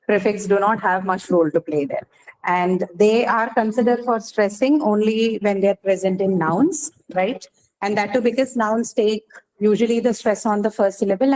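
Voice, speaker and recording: In an online English lesson, a woman explains the material step by step and frequently checks that her student is keeping up. Her mid-range voice is slightly mellow, and the recording is rough.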